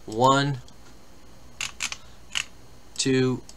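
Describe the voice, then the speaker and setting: A man's voice: a little high, animated, measured pace, sharp tone, a little hiss or hum. A man hosting a live card-break stream, chatting casually in rambling anecdotes and reading out lists of names and teams. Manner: rambling anecdotes, then listing name-team pairs.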